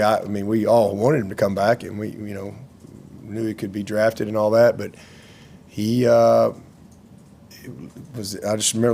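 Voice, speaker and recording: A football coach at a press conference, speaking in a low, gravelly voice that circles back and repeats itself as he talks. A faint hiss sits under the recording. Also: darkish tone. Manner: rambling, repeats words and restarts often. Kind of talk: unscripted press conference answers.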